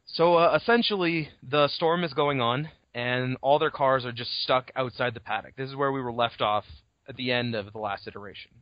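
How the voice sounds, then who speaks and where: A man co-hosting a casual book podcast, retelling the story in an animated way, swearing freely and laughing often. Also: medium pitch, normal speed, dry recording. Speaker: podcast co-host. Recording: dull lo-fi dry recording.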